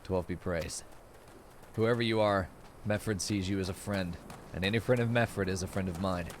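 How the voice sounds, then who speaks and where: A man reading aloud the lines of a stern old male tribal elder from a game, in a low, even voice. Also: normal speed, a little hiss or hum, natural voice.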